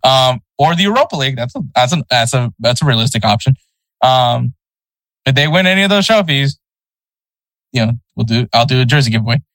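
A man's voice: medium pitch, lively intonation, fairly quick, fairly bright tone, dry recording, poor audio. A man co-hosting a casual sports podcast, loose and chatty, laughing at his own pronunciation slips. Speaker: podcast co-host.

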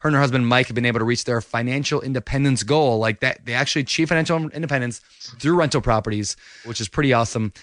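A man's voice: medium pitch, fast talker, fairly bright tone, no echo. A man hosting a podcast interview, talking in an upbeat, playful, chatty way. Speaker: podcast host.

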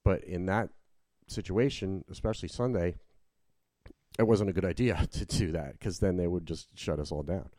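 A man's voice: sits low, normal speed, warm tone, dry recording. A man hosting a casual podcast chat, rambling with restarts and fillers. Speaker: podcast host and working cover-band musician. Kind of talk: casual conversation.

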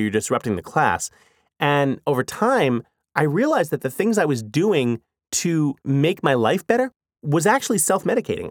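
A man in his forties talks about his work in a quick, energetic rush, his pitch jumping all over the place. He leans on "you know" and "like" as he goes. The sound is dry and close, with no room echo. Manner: fast, energetic talker who fills speech with "you know" and "like". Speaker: author. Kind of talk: casual spoken reflection.

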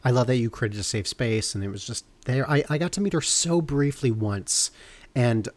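A woman's voice: a bass voice, moderate pace, a little mellow. A woman hosting a casual interview, enthusiastic and responsive.

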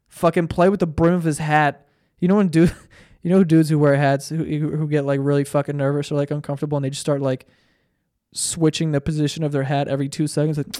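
A young man alone on his podcast, ranting in an exasperated, profane way and slipping into mocking impressions. His voice sits a little on the high side for a man. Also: darkish tone. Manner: profane, exasperated, mocks people in put-on voices. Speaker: podcast host. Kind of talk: solo comedic podcast rant with ad read.

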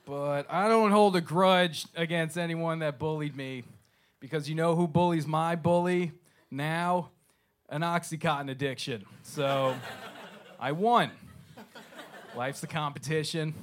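A man doing stand-up crowd work on a club stage, teasing the audience in a wry, self-deprecating way. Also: fairly high pitch. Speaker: stand-up comedian.

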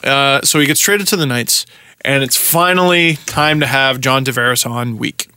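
A young man hosting a podcast, telling a story in casual chat, animated and profane, acting out his own rants. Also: medium pitch, moderate pace, clean tone, no echo, clean studio sound. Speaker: podcast host.

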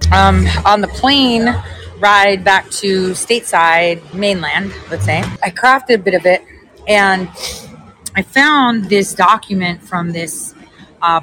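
A woman's voice: on the low side, fairly bright tone, a little hiss or hum, rough recording. A middle-aged woman talking to her viewers outdoors at an airport smoking spot, rambling and swearing freely with lots of fillers. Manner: profane, rambling, chatty with frequent fillers. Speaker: livestreamer. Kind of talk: casual rambling chat to viewers.

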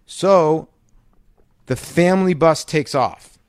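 A man co-hosting a podcast, telling a rambling, profane anecdote in a loose, animated way. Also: a little high, slow, clean tone, dry recording. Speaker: podcast co-host, former pro ballplayer. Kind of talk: casual storytelling chat.

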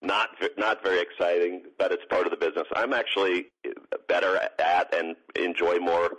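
Rambling man, lowish voice, radio interview. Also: flat delivery, a little fast, fairly bright tone, husky, muffled recording. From grew up partly in Morocco. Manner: rambling, many restarts and fillers, chuckling. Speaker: guest, parkour organization co-founder. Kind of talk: casual interview chat.

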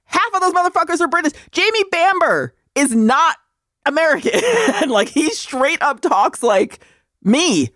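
A woman co-hosting a podcast in casual chat, profane and quick to laugh. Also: high-pitched, no room sound, clean studio sound. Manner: profane, animated, laughing often. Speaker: podcast co-host.

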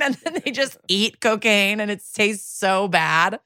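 Bright giggly woman co-host. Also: medium pitch, animated, no echo, studio quality. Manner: giggly, quick short reactions. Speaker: podcast co-host. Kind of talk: casual chat.

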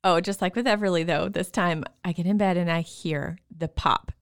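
A woman telling her birth stories on a podcast in a playful, expressive way. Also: on the low side, normal speed, clean tone. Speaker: podcast guest, mother. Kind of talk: casual podcast chat.

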